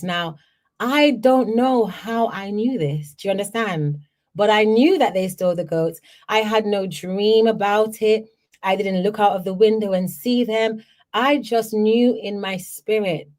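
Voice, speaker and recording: A woman from Jamaica, a podcast host telling personal stories in an animated way, often checking in with the listener. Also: mid-range voice. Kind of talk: personal storytelling.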